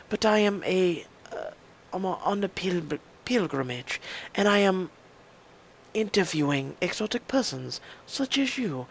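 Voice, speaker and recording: A man voicing a mysterious veiled foreign woman student who speaks in halting, broken phrases. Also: high-pitched, vocal fry, a little hiss or hum, voice pushed up, exaggerated voice.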